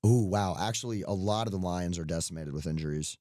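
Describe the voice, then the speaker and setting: A young man with a deep, low voice talks through his weekly betting picks in a loose, joking way. He rambles, circles back, and pokes fun at himself. The sound is dry and close to the mic. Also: fast, mellow, no echo. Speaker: podcast co-host. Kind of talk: casual sports betting chat.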